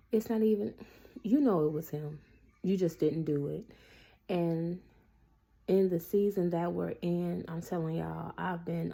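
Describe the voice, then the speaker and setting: Gravelly, husky woman giving faith talk. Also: fairly low pitch, warm tone. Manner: earnest, preachy, full of fillers. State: tearful at times. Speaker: Christian vlogger. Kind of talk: casual faith talk to camera.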